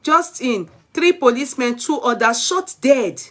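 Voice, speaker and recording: A woman's voice: high voice, lively intonation, a little slow. A Nigerian woman vlogger chatting live with her viewers, exclamatory and switching between Pidgin and Yoruba. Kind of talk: live-stream chat with viewers.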